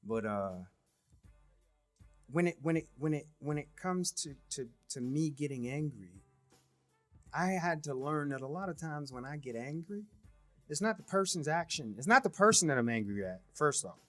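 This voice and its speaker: A man's voice: a little high, animated, moderate pace, a bit bright, soft background music. A man co-hosting a casual podcast chat, talking reflectively and often checking in with "right?". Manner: reflective, asks "right?" and "you know what I mean?". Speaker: podcast co-host.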